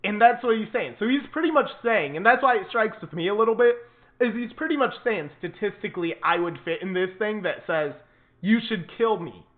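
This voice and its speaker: A man hosts his own political commentary show with an indignant, emphatic delivery, hammering points home by saying them twice. His voice sits fairly high. The sound is thin and tinny, as if it came over a phone line. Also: expressive, fairly quick. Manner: indignant, emphatic, repeats for stress.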